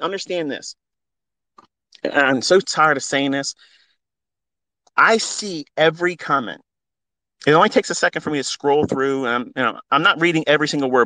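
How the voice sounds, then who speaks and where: A man's voice: a little high, a bit bright, no room sound. A middle-aged man talking into a phone as a trading mentor, in a passionate, preachy monologue with blunt swearing. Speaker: trading mentor hosting a live audio space. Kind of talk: unscripted heartfelt monologue.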